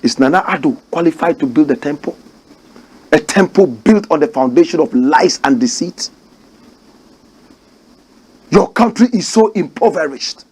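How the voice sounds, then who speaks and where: A man's voice: on the high side, lively intonation, normal speed, pauses often, a little mellow, husky. A Ghanaian man hosting a commentary show, preaching his views with rhetorical questions and repeated phrases. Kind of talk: impassioned commentary monologue.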